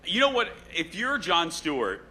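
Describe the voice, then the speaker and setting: Bright-voiced joking male TV host. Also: sits high, huge pitch swings, moderate pace, slight background noise. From Indiana. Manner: joking, playful, self-deprecating. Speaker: talk show host. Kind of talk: live TV talk show banter.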